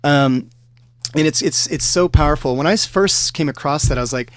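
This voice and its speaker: A man's voice: on the high side, moderate pace, dry recording, studio quality. A man who is a musician, talking as a podcast guest in casual chat, explaining things at length with rambling enthusiasm.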